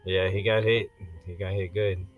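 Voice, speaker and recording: A man's voice: low-pitched, flat delivery, normal speed, phone-quality sound, soft background music. A man chatting casually as a co-host, throwing in dry joking asides. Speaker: podcast co-host. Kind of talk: casual chat.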